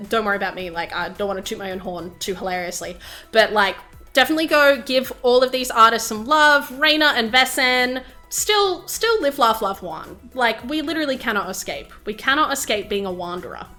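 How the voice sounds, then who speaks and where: A woman's voice: on the high side, lively intonation, fairly quick, sharp tone, faint music behind. A woman streamer chatting casually to her live audience in a bubbly, talkative way, full of fillers. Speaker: VTuber streamer. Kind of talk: casual livestream chat.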